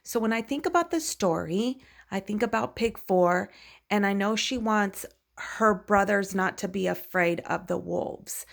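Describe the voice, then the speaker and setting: Woman teacher talking kids through a lesson, calm and patient, lots of questions. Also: medium pitch, measured pace, creaky. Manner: patient, explanatory, asks many questions. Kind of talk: recorded lesson for children.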